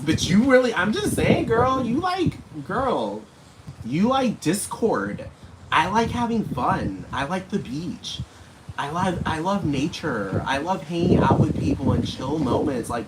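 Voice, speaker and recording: A man ranting casually and at length, rambling and swearing, talking straight at the people he's calling out. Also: a little high. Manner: rambling, profane, talks straight at his targets. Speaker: vlogger. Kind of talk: casual rant to camera. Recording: noisy background hiss.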